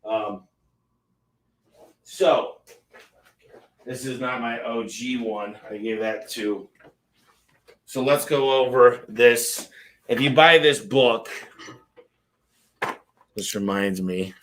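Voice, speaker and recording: A man's voice: medium pitch, slow pace, long pauses, fairly bright tone, a little hiss or hum. A man hosting a casual live question-and-answer stream, talking loosely and reading lists aloud.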